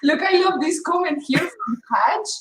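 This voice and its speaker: A woman's voice: extremely high pitch, expressive, moderate pace, echoey room, a little hiss or hum. A woman co-hosting a casual livestream interview, giggly and bubbly as she reads questions. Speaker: co-host.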